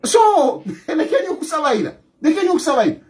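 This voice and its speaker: Speaking at a measured pace, this Zambian man rails on camera about politics in a very high-pitched voice with wide swings in pitch. He hammers his arguments repeatedly with great force, punctuated by derisive laughs.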